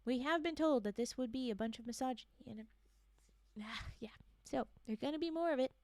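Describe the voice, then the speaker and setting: A woman's voice: high-pitched, fairly quick, a little mellow, dry recording. A young adult woman streamer casually reading a horror story aloud, breaking in with sarcastic, swearing asides.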